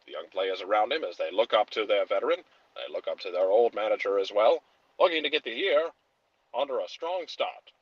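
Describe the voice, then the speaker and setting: A man putting on the voice of a grandiose 1940s newsreel announcer, with a booming, patriotic, rallying delivery in old-timey radio style. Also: lively intonation, a little fast, husky, no room sound, lo-fi sound. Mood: rousing.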